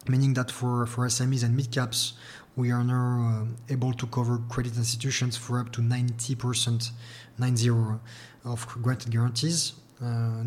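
Formal man speaking in a flat monotone. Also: medium pitch, a little hiss or hum. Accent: French. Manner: measured, formal, with frequent fillers and repeated words. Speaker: regional head at a public investment bank. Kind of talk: business interview.

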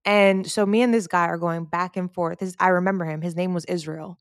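A woman co-hosting a podcast, telling a long story in casual chat, acting out the people she quotes in a lower voice and getting louder when exasperated. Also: fairly even intonation, fairly quick, no echo, clean studio sound. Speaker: podcast co-host.

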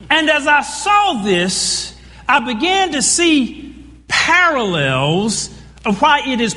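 A man's voice: extremely high pitch, sharp tone. A man preaching a sermon, emphatic and full of rhetorical questions to the congregation. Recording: reverberant hall sound.

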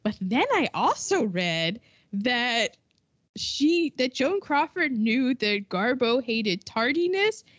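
A woman's voice: a little high, big pitch swings, takes it slowly, a bit bright, no room sound. A woman co-hosting a casual chat, talking in a chatty, rambling way with frequent restarts. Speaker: podcast co-host. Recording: dull lo-fi recording.

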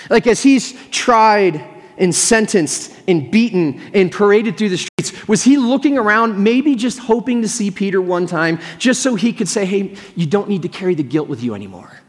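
A man preaching a sermon as pastor, telling a story earnestly and imagining what people thought and said. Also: high voice. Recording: long reverb of a large hall.

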